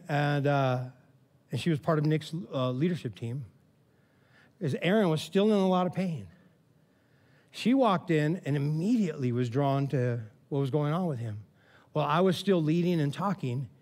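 A man preaching a sermon in a casual, animated storytelling way, often saying "man" and "all right", rising to loud, excited preaching. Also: fairly high pitch. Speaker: pastor.

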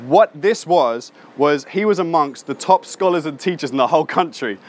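A man preaching a casual sermon. He acts out the people in his stories in a lively way and adds slangy asides. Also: on the high side, normal speed.

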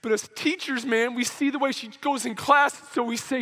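Man preaching, high voice, emotional storytelling, long hall reverb. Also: steady tone, moderate pace, few pauses, pushed and bright. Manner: emotional, acts out quoted dialogue. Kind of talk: sermon with storytelling. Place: church service hall.

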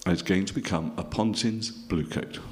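A man's voice: deep voice, normal speed, slightly rough. A middle-aged man from northern England telling a stand-up story with dry, self-mocking asides to the audience. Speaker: comedian.

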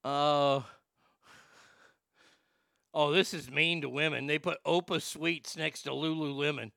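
A male comedy host with a somewhat high, gravelly voice that still rings clear. He rants and rambles excitedly, swears freely and stumbles over restarts. The sound is dry and close, with no room in it. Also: slow pace, no room sound. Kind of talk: crude comedic rant and prank call.

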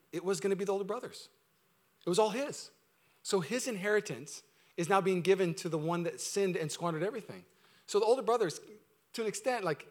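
A man preaching a sermon to his church, talking in an energetic, conversational way with humor, swinging between loud emphasis and quiet intensity. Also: on the high side. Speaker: pastor. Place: church service before a congregation.

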